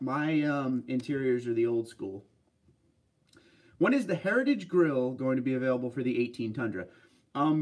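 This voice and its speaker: A man hosting a casual livestream, answering viewer comments in a relaxed, chatty way. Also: medium pitch, recorded from a distance. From Pennsylvania. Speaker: livestream host reading chat. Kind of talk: casual live chat.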